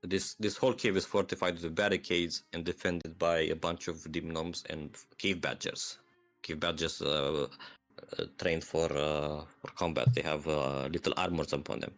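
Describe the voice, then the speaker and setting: Man, very low voice, game master narration, hesitant, music underneath. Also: steady tone, fairly bright tone. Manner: halting, many fillers and restarts.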